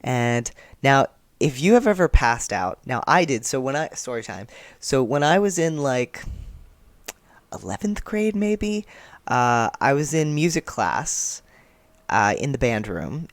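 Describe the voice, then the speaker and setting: A man's voice: mid-range voice, big pitch swings, a little slow, dry recording. A young man reading a comic aloud and chatting his reactions, laughing often. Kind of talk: casual read-along reaction.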